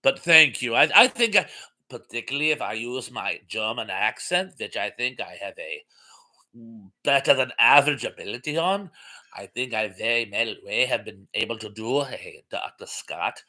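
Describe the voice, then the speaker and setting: Bright-voiced man hosting a live chat. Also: mid-range voice, expressive, normal speed. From Massachusetts. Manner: chatty, chuckling, reads out chat messages. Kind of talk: casual live-stream chat reading viewer comments.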